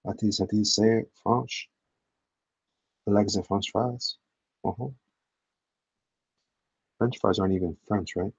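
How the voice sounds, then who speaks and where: A man chats casually with his viewers while he draws, muttering and joking to himself. His voice is low and gravelly with a husky edge. The recording is dry and a bit dull, like a cheap lo-fi mic. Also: a little slow, long pauses, dry recording. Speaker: artist drawing commissions. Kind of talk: casual drawing stream talk.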